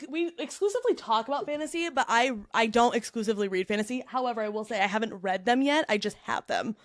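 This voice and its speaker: A woman's voice: on the high side, animated, quick pace, dry recording, studio quality. A woman co-hosting a podcast, rambling casually and animatedly while sharing her opinions. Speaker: podcast co-host. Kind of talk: casual chat.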